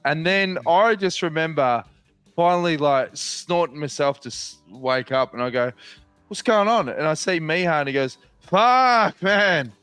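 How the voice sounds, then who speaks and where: A man's voice: fairly high pitch, normal speed, a bit bright, clear, resonant tone, dry recording, faint music behind. A man telling a story in casual podcast chat, swearing freely. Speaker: podcast co-host.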